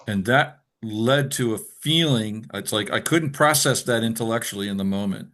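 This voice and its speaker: This podcast cohost has a lowish, fairly bright voice and speaks a little slowly. He shares his own experience reflectively, explaining things with care for newcomers.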